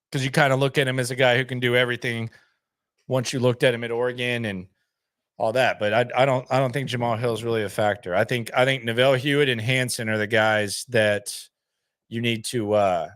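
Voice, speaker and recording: A man hosts a sports channel in a casual, unscripted talk, answering viewers with blunt skepticism. His voice sits at an ordinary middle pitch, and he keeps restarting his sentences. The recording is dry, with no room echo. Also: a bit bright. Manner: blunt, skeptical, repeats himself, frequent restarts.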